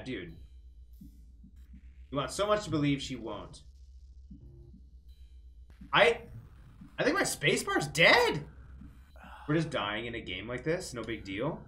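A young man streaming a game, reading its text aloud and reacting with casual, joking commentary. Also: mid-range voice. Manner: animated, jokey, swears casually.

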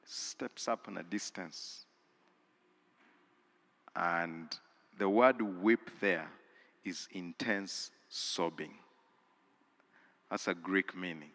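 A man preaching a sermon in a large cathedral, swinging from hushed lines to loud, emphatic peaks and repeating words for emphasis. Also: low voice. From Uganda. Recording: long hall reverb.

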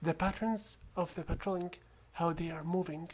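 A gamer with a non-native accent narrating a stealth game in a calm, coaching way, often dropping to a whisper. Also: medium pitch, moderate pace, a little hiss or hum. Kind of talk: gameplay commentary.

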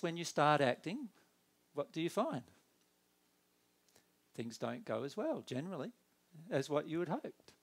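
A man giving a conversational spiritual talk, animated and acting out inner dialogue in quick put-on voices. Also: mid-range voice. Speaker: spiritual teacher.

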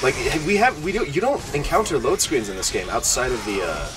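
A man rambles jokily over gameplay, his pitch bouncing up and down. He sounds a little away from the mic, with music running behind him. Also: huge pitch swings, a little fast, far from the mic, rough recording. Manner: rambling, jokey, filler-heavy. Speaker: gaming podcast co-host. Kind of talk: casual gameplay chat.

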